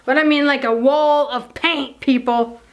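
A woman's voice: sits high, fairly even intonation, a little slow, lo-fi sound. A woman hosting a casual vlog, talking in a teasing, bossy banter. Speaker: vlog host. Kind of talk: casual chat.

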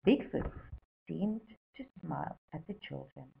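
A woman from South Africa, a teacher, reading a children's story aloud and then setting tasks in a slow, encouraging way. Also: low-pitched, lively intonation, vocal fry, dull audio, slight background noise.

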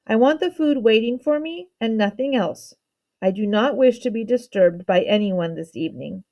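A playful storybook king, as a woman reads him aloud, amused and twinkly but used to giving orders. His voice is pitched a little above the reader's mellow tone and sounds bright with mischief. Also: animated, normal speed. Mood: commanding. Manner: commanding yet teasing.

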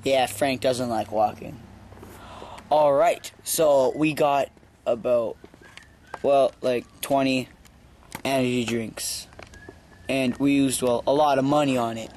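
A teenage boy rambling through a goofy home-video comedy sketch, excitable and rambling. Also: mid-range voice, takes it slowly, pauses often. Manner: excitable, rambling, shouts when riled. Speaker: vlogger. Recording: faint background noise.

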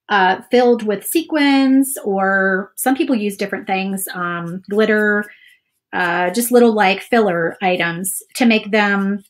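A woman hosting a live crafting stream from her table, chatty and rambling with many fillers. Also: mid-range voice. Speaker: crafting channel host. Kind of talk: casual live crafting chat. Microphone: overhead camera setup.

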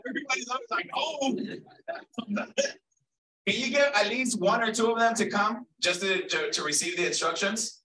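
Bright-voiced man leading a crowd. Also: high-pitched, brisk, recorded from a distance, rough recording. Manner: energetic, playful, calls to the crowd. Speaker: workshop facilitator. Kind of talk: leading a group activity. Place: large event hall.

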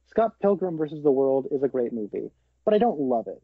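A man in his twenties chatting casually in a film review podcast, quick to laugh. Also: medium pitch, very animated, husky, dry recording, narrow, tinny audio. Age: 20s. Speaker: podcast co-host.

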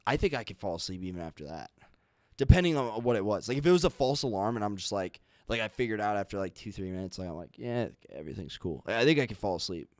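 A man's voice: lowish voice, lively intonation, fast talker, a little mellow, no echo, studio quality. A man hosting a podcast, rambling and blunt in casual chat, with frequent restarts. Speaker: podcast host.

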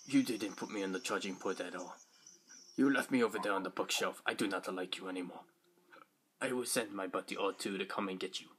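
A man's voice: low-pitched, a little fast, fairly bright tone, slight background noise, pitched below the performer's own voice. A man putting on a sulky droid, BB-8. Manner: stiff, formal, grumbling complaints. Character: sulky little male robot droid, grudging.

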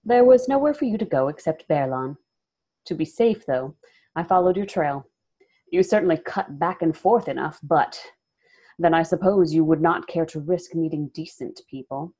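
A woman voicing a proud young village wise woman who answers with sharp, indignant retorts. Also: low voice, moderate pace, slightly rough. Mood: challenging.

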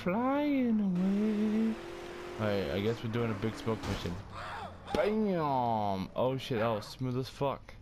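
A young man giving casual gameplay commentary, loud, excitable and cursing heavily, quick to get angry. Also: lowish voice, noisy background. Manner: loud, excitable, heavy cursing, hot-tempered. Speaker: gaming streamer.

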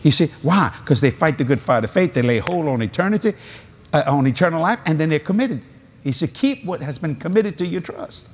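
A man's voice: on the high side, animated, brisk, a little hiss or hum. A male preacher delivering a convention sermon, telling stories animatedly with laughs and asides.

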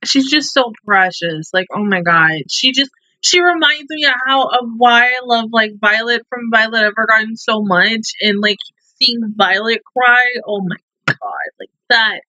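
Bright, emotional young woman reacting. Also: a little high, lively intonation, unhurried, no echo, low-quality recording. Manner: emotional, exclaiming, talking to the screen. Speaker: anime reaction host. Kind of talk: casual reaction commentary.

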